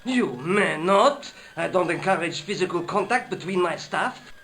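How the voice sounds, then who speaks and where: An actor playing a stern, haughty hospital doctor with a French accent who answers in curt, formal phrases. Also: male voice, sits high, expressive, measured pace, a bit bright, slight background noise, full character voice. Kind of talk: video game voice acting.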